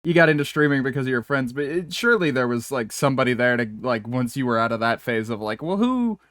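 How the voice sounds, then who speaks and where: Teasing young podcast host, dry sound. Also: male voice, mid-range voice, steady tone, fast talker, a bit bright, no echo. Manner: rambling, teasing, laughs often. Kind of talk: casual podcast chat.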